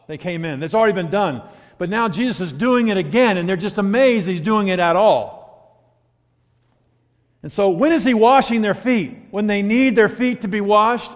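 A man preaching a sermon, swinging from hushed, reflective asides to loud, emphatic points. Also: on the high side. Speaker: pastor. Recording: hall reverb.

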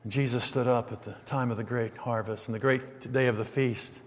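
A man preaching a sermon, moving from quiet reflective passages to loud, emphatic stresses as he reads and explains scripture. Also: mid-range voice, fairly even intonation, a little fast, big-room sound.

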